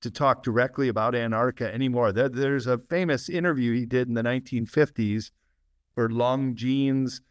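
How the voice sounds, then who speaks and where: An enthusiastic man talks at length as a podcast guest, laughing now and then. His voice has a middle pitch. The sound is dry and close, with no room around it. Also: normal speed, clean tone, dry recording. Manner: enthusiastic, laughs often, steady explaining. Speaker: guest author. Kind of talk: podcast interview storytelling.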